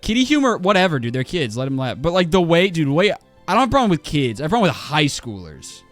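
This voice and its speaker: Lively young man ranting on stream. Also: on the high side, fast talker, faint music behind. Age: 20s. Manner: animated, swearing, lots of fillers and restarts. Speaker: livestreamer. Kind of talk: casual ranting chat while gaming.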